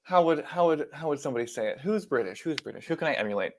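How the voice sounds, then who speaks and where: A man's voice: fairly high pitch, expressive, racing, slight background noise. A man with an American accent, co-hosting a podcast in casual, jokey chat, swearing freely and laughing at himself. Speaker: podcast co-host.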